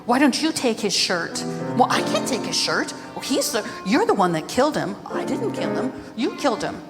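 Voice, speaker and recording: A woman voicing a group of young boys and quarreling brothers, quick and eager, told live with music underneath. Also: lowish voice, lightly acted. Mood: squabbling. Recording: live with long reverb and background music.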